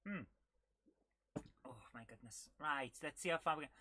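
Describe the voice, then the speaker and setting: A woman hosting a casual retro gaming live stream, chatting with viewers and reacting excitedly while she plays. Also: sits low, moderate pace, no echo. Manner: chatty, reads viewer comments aloud, bursts of excitement while playing.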